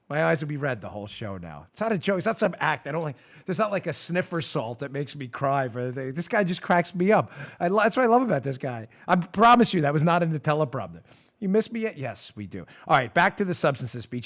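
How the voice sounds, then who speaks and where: A man hosting a political talk show, giving an emphatic, animated monologue and often laughing and bantering with his producer. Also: fairly high pitch. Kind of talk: opinionated monologue.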